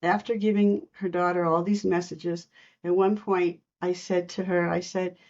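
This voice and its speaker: Woman, low voice, earnest storyteller, podcast guest, muffled lo-fi sound. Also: moderate pace. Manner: earnest, animated retelling with acted quotes. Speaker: spiritual medium guest.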